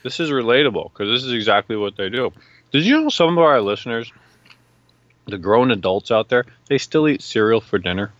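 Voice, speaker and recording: A man's voice: mid-range voice, animated, brisk, a bit bright, no room sound, highs cut off. A man co-hosting a podcast, bluntly teasing his partner and talking while chewing. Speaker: podcast co-host. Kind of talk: casual podcast banter. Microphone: remote call mic.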